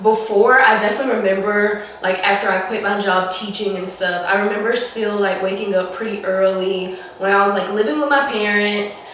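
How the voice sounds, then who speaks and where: A young woman, hoarse from a cold, chatting casually to camera in a rambling way that is full of "like". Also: mid-range voice, fairly even intonation, fairly quick, few pauses, fairly bright tone, slight background noise. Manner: chatty, rambling, heavy use of "like". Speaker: vlogger. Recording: echoey room, mic at a distance.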